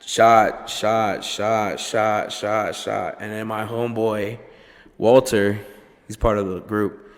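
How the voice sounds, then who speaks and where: A man co-hosting a podcast, joking about himself in casual banter. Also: slow pace. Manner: joking, self-mocking banter with lively pitch. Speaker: podcast co-host. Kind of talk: casual chat. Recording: echoey room with long reverb.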